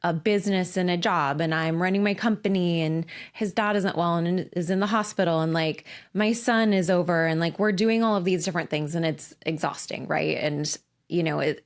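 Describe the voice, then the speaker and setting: A woman in her forties hosting a casual solo podcast, candid and emphatic, swearing freely as she talks. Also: on the low side. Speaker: podcast host and coach.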